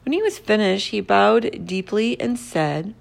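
Woman reading a story with heavy vocal fry. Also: medium pitch, very animated, a little slow. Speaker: narrator.

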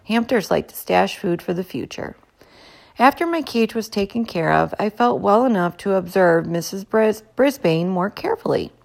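Gravelly-voiced woman reading a storybook aloud. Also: mid-range voice, moderate pace. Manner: gentle, expressive read-aloud. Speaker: storybook reader. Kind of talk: reading a children's chapter book aloud.

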